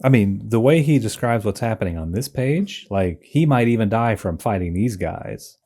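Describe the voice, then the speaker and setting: A man's voice: lowish voice, animated, moderate pace, dark tone. A man co-hosting a casual comics podcast, thinking aloud with fillers and restarts. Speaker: podcast co-host. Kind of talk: casual chat about comics.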